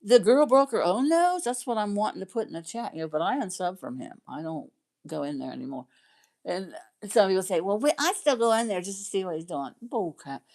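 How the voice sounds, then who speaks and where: A woman's voice: fairly low pitch, big pitch swings, fairly quick, darkish tone. A middle-aged woman chatting casually on her livestream, rambling and laughing often. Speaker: livestream host chatting with viewers.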